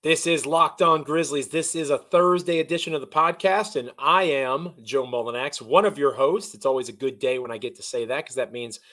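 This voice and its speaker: A man's voice: mid-range voice, brisk, few pauses, fairly bright tone. A man co-hosting a sports podcast, chatty and self-deprecating as he runs through the show's intro and the news. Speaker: podcast co-host.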